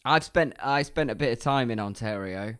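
Man in his thirties, podcast co-host, blunt and jokey, swears a lot, mid-pitched. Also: normal speed, a bit bright, smooth, dry recording, clean studio sound. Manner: blunt, swears freely, joking. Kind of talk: casual film podcast chat.

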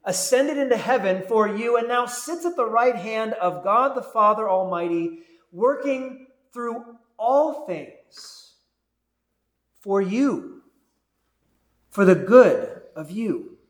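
Slow, high-voiced pastor preaching in an echoey church. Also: male voice, animated. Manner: earnest preaching, slow and deliberate with fervent rises. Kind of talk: sermon.

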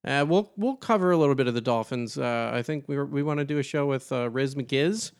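A man's voice: mid-range voice, brisk, clean tone. A man co-hosting a podcast, talking sports in a loose, profane, rambling way with plenty of fillers. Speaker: podcast co-host. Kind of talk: casual sports chat.

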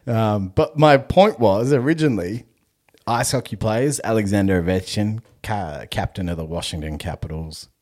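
A man's voice: on the low side, moderate pace, a little mellow. A young Australian man hosting a podcast, telling a story in casual chat, swearing freely and laughing as he goes. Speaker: podcast host.

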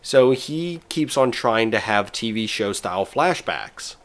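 A man's voice: fairly low pitch, animated, unhurried, fairly bright tone. A man in casual chat, rambling through an episode recap with restarts and quoted bits.

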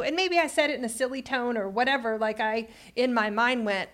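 A woman co-hosting a conversational podcast, explaining relationship patterns in an animated way with frequent laughs. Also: fairly high pitch, normal speed, hardly any pauses. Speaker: podcast co-host.

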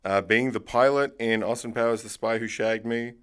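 A man's voice: medium pitch, steady tone, normal speed, a bit bright, smooth. A man in casual conversation about a movie, hedging and laughing as he goes.

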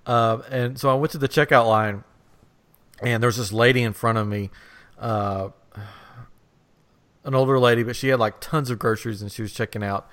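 A man's voice: medium pitch, steady tone, normal speed, pauses often, fairly bright tone. A man in his thirties, a podcast co-host, telling a rambling anecdote in casual chat with frequent laughs.

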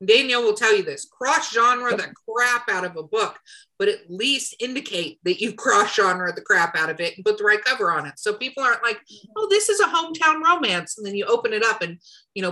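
A woman with a bright, forceful tone hosting a relaxed podcast chat, with a slight cough now and then. She talks in an animated way and slips into little voices when she quotes people. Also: mid-range voice, fairly quick, low-quality recording. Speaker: podcast host and editor.

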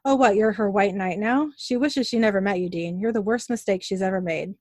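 A woman's voice: mid-range voice, a little fast, darkish tone, no echo, close to an everyday voice. A woman reading a sneering, mocking female demon's lines in a plain voice, in a dry close recording. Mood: taunting. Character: taunting demon possessing a woman.

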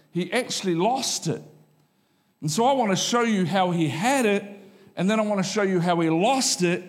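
A man, loose and chatty, with humour and punchy repeated lines. His voice rings out through a church auditorium with a long reverb tail from the hall. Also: high-pitched. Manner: conversational and joking, with repeated punchlines. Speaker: pastor. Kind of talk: sermon.

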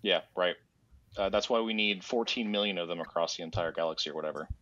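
A man's voice: deep voice, fast, a bit bright, lo-fi sound. A man hosting a casual podcast who rambles through a story recap in a sarcastic, mock-casual way. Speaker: podcast host.

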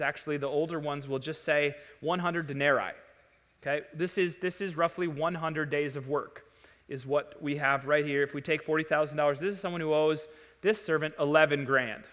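Male pastor, bright voice, lively sermon delivery, long echo of a church hall. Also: a little high. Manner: animated, rising to loud emphatic peaks. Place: church sanctuary.

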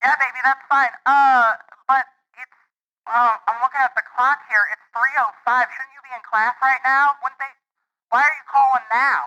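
A doting, fussy mother with a deliberately bad put-on accent, played by a woman. She talks in a bright, tense voice and keeps calling her son baby as she frets. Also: high voice, fairly even intonation, muffled recording. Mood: fussing. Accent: put-on, called horrible by a player. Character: doting middle-aged mom running a shop.

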